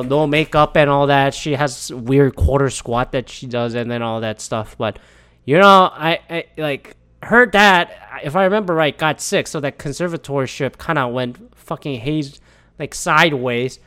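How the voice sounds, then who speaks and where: A man's voice: fairly high pitch, fairly even intonation, moderate pace, a bit bright, clean tone. A man ranting casually about celebrity news, rambling and swearing often, with many fillers and restarts.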